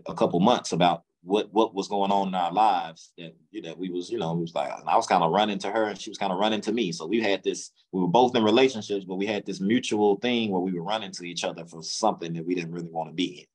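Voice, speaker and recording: A man's voice: low-pitched, fairly even intonation, quick pace, few pauses, darkish tone, poor audio. A man, talking candidly in an interview and acting out what people said to him. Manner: casual, drawling, acts out past dialogue. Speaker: interview guest. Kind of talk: candid storytelling.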